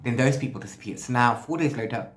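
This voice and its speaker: This book vlogger is a fast talker with a medium-pitched voice, casually discussing what he's been reading and repeatedly fixing his own sentences partway through. His recording sounds roomy and echoey.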